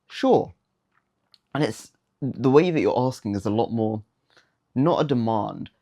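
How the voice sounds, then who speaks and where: A man's voice: on the low side, dark tone. A young man giving dating advice in a casual, blunt, slangy monologue, often mocking the habits he warns against.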